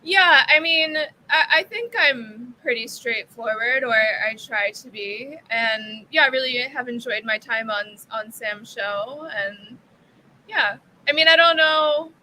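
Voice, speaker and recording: A woman's voice: fairly high pitch, takes it slowly, pushed and bright, low-quality recording. A woman guest joining a podcast on a video call, talking in a friendly, chatty way with many "like"s. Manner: friendly, chatty, uses "like" a lot. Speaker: guest, soccer writer. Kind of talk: casual conversation. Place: room with open windows in a rental home. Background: heavy rain outside.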